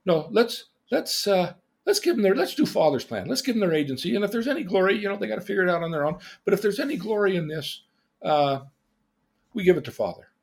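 A man's voice: sing-song, fast, gravelly, exaggerated voice. A man voicing an earnest, pleading savior. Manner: pleading, slightly higher. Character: earnest, gentle male savior pleading for fairness.

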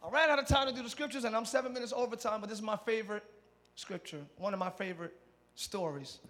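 High-voiced, animated preaching pastor. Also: male voice, quick pace. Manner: animated, storytelling preaching that swings between hushed talk and shouting. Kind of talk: sermon. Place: church sanctuary, live service. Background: soft band music.

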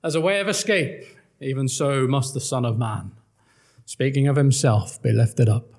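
A man's voice: mid-range voice, normal speed, a little mellow. A man preaching an earnest, emphatic gospel sermon and quoting old-style scripture.

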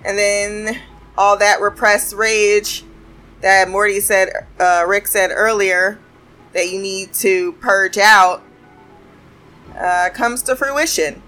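Woman, casual profane recapper, mid-pitched, faint music bed. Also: fairly even intonation, slow pace, bright, forceful tone. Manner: chatty, profane, laughing often. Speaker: episode recapper. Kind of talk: casual cartoon episode recap.

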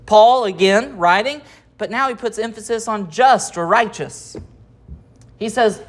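Pastor, mid-pitched voice, teaching sermon, reads verses and unpacks them with rhetorical questions. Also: a little slow. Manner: explanatory, asks rhetorical questions; reads scripture aloud and comments verse by verse. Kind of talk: expository sermon.

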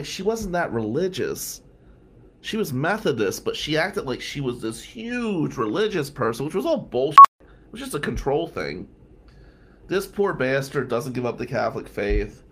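A man's voice: medium pitch, a little hiss or hum. Wry man telling a rambling story. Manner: digressive, profane, wry asides. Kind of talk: casual storytelling monologue.

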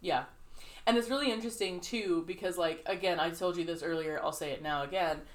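A woman's voice: fairly low pitch, brisk. A woman co-hosting a podcast in casual chat, rambling with many fillers and acting out quoted reactions. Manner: rambling, filler-heavy, animated quoting. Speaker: podcast co-host.

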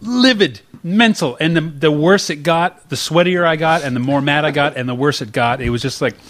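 A man co-hosting a casual chat, telling stories in an animated, rambling way. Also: a little high, brisk. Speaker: podcast co-host.

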